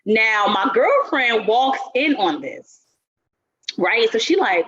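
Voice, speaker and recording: A woman co-hosting a podcast in casual chat, telling a story with lively acted-out quotes. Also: a little high, moderate pace, dull audio. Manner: animated storyteller who acts out quotes. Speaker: podcast co-host.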